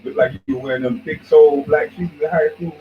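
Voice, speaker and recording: A man hosting a podcast, ranting in heated, profane commentary that swings between mocking shouts and low mutters. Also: big pitch swings, fast talker, soft background music. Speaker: podcast host. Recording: dull lo-fi recording.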